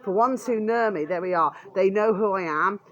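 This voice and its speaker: The audio is dull as a British woman, speaking at normal speed with a medium pitch, angrily rants in her vlog. She swears constantly, bluntly and coarsely, reusing "there we are" as filler.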